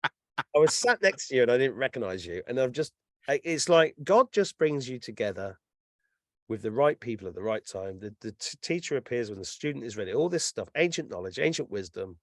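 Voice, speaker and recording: An English man in his fifties, telling stories in a casual chat as a guest, animated and swearing freely. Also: mid-range voice, a little fast, dry recording, studio quality. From England. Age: 50s. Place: lives in Ireland.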